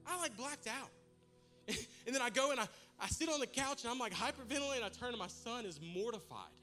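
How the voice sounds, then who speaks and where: A man preaching to his congregation, telling a comic personal story with animated, humorous delivery. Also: very high voice, brisk, faint music behind. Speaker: pastor. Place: church service in a large room.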